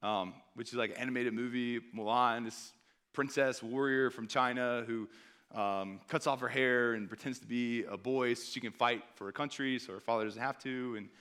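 A man's voice: medium pitch, steady tone, moderate pace, fairly bright tone, clear, resonant tone. A man in his thirties, a missionary preaching a sermon in a conversational way, often checking in with his listeners. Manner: conversational, asks the audience often with "right?".

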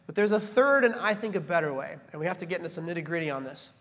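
A man preaching a sermon as a pastor, animated, building to emphatic peaks and slipping in joking asides. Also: fairly high pitch, very fast. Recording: reverberant church hall.

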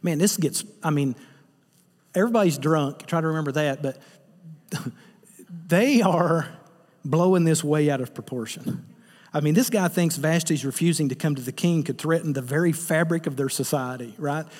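Joking, animated male preacher in a reverberant hall. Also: on the high side, normal speed, husky. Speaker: pastor. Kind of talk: sermon.

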